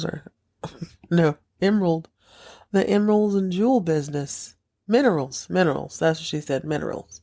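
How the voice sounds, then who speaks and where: Chatty sarcastic woman with a mellow voice. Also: lowish voice, normal speed. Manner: sarcastic, chatty, acts out quotes. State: sick, taking cough medicine. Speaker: podcast host recapping a TV episode. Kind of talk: casual chat recap.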